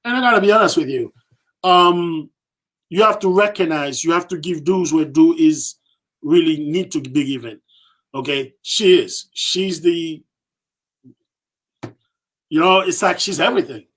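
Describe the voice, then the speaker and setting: A man guest on a podcast telling a personal story, lively and repetitive, acting out what others said. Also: on the high side, a little slow, long pauses. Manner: lively, acts out quoted voices, repeats himself for emphasis. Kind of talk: animated storytelling.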